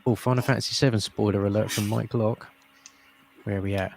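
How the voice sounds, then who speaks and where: A man's voice: fairly low pitch, steady tone, a little fast, creaky. A man hosting a live stream, rambling and laughing in casual chat. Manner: friendly, rambling, laughs often. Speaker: host. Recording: faint noise.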